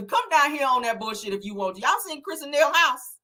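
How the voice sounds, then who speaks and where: A woman's voice: high-pitched, fairly quick. A woman giving a casual, profane and sassy recap of a reality show, acting out the cast's lines as she goes. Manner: animated, sassy, profane, laughs often; acts out the cast's lines in quotes.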